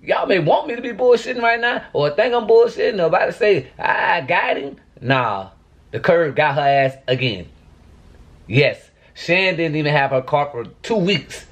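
A man's voice: on the high side, expressive, normal speed. A man vlogging to camera, venting in a profane, exasperated rant.

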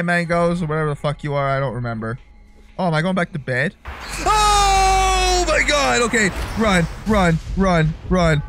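A man's voice: medium pitch, fairly bright tone, slight background noise. A young man doing casual gameplay commentary, jokey and profane, breaking into sudden yelps. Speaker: let's-play gamer.

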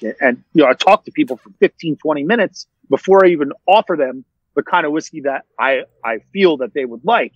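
Podcast guest, male, casual rambling storyteller, fairly high voice, dull dry recording. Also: expressive, brisk, breathy edge, dry recording. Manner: rambling, many fillers and restarts. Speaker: interview guest.

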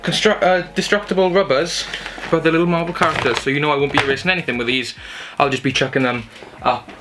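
Showing his Christmas gifts at home, this chatty young man talks fast and enthusiastically in a casual haul video. His fairly high voice keeps a steady tone over background music and background noise.

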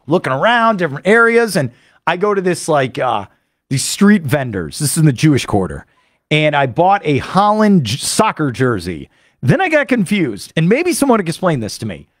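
A man hosting a sports radio show, telling a rambling, excitable story full of fillers into a studio microphone. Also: fairly high pitch, moderate pace, dry recording. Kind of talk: animated monologue recapping a trip.

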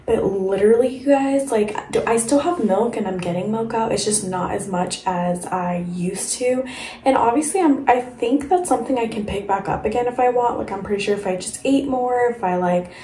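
A woman's voice: fairly high pitch, normal speed, mellow, echoey room, rough recording. A young woman vlogging at home late at night in a casual, chatty way, saying "like" a lot. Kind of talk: casual vlog chat.

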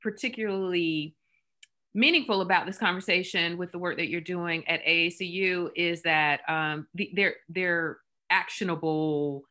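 A woman hosting an interview, speaking haltingly with frequent restarts. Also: fairly low pitch, pushed and bright. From South Carolina. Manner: halting, many fillers and restarts. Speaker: host. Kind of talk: conversational interview.

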